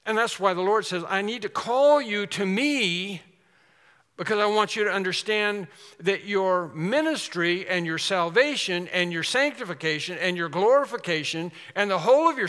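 A man's voice: sits high, lively intonation, normal speed, bright, forceful tone, long reverb tail. A man preaching a sermon in an earnest, emphatic way, repeating key phrases for stress.

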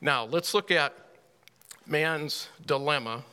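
A man teaching a Bible class in a folksy, unhurried way, with dry little asides. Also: fairly high pitch, sharp tone, smooth.

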